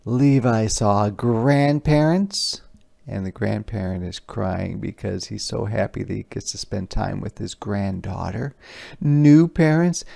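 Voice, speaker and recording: Reading a picture book aloud to young children, a man with a lowish voice and vocal fry gently emphasizes the words he reads. He pauses to explain words and pictures in simple terms.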